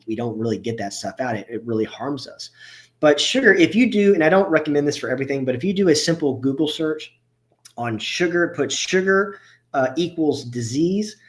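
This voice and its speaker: A man giving a casual, conversational health workshop as a chiropractor, often restarting his sentences and stressing his key points. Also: mid-range voice. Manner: casual and conversational, with frequent restarts and filler words. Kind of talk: informal health workshop talk.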